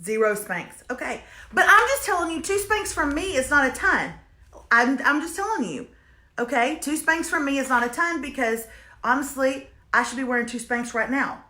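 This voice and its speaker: A woman chats to her viewers in a bright, somewhat high voice, reviewing shows and reading their comments aloud. She repeats her lines for comic emphasis. Her voice rings around a reverberant room. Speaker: host reviewing streaming shows. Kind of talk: casual livestream chat, reading viewer comments. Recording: echoey room.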